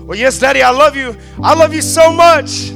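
A preacher acting out a small five-year-old girl, her voice pushed high and eager as she stammers and begs. Soft music plays faintly behind. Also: normal speed, creaky, heavily acted. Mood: pleading. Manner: stammering, begging.

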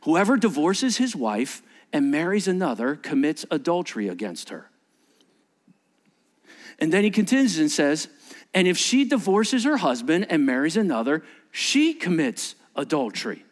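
A male pastor preaching a sermon, acting out dialogue and swinging between loud bursts and hushed near-whispers. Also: fairly high pitch, huge pitch swings, normal speed.

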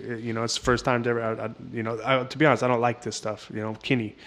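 A man's voice: mid-range voice, flat delivery, racing, fairly bright tone. A man as an interview guest, talking casually in a rambling way with many restarts and repeated words. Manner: rambling, repetitive, restarts often. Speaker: interview guest, jiu-jitsu coach.

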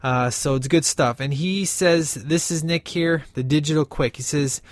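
A man's voice: a little high, moderate pace, no room sound. A man hosting a casual podcast, talking with lots of fillers and reading a listener's email aloud. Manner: enthusiastic, rambling with many fillers. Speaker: podcast host.

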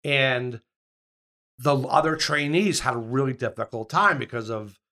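Bright-voiced Long Island man. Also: medium pitch, measured pace. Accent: Long Island New York. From Long Island, New York. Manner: talks in bursts with many restarts and "I mean". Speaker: yacht broker guest. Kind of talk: casual interview talk.

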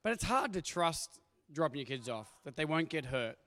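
A middle-aged man preaches from the stage, his voice sitting high for a man. He tells his stories in an animated way, acting out the people in them. A long reverb trails each phrase through the church hall. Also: normal speed. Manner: animated storytelling with acted-out voices. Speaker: pastor. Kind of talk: sermon. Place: church auditorium.

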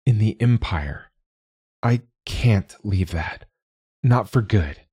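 Man doing a young woman librarian, earnest, halting, emotional, raised pitch. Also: lively intonation, warm tone, husky, no room sound, clean studio sound, heavily acted.

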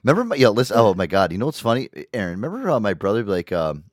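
A man talks loosely into a studio mic, his pitch bouncing up and down as he tells stories. He swears freely and keeps breaking into quick impressions of friends. The sound is close and dry, with no room around it. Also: no room sound. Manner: animated storyteller, swears freely, slips into impressions. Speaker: radio show host. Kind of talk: loose casual banter with crude humor. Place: small studio.

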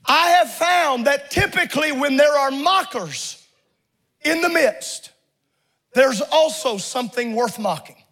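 A man pastor preaching a fiery sermon in a church, often shouting in a rhythmic preaching cadence. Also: very high voice, lively intonation, slow. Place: church sanctuary with congregation.

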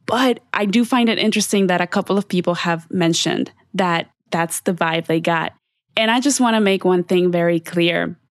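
A woman's voice: lowish voice, moderate pace, dry recording, studio quality. A woman hosting her podcast, talking candidly and from the heart, speaking straight to her listeners in a casual, unscripted monologue with the odd swear word. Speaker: podcast host.

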